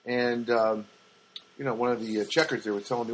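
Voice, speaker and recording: A man's voice: medium pitch, steady tone, fast, slightly rough, low-quality recording. A man hosting a podcast, telling rambling stories in a casual monologue and acting out the people in them. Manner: rambling storyteller, acts out quoted people. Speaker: podcast host. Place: Los Angeles.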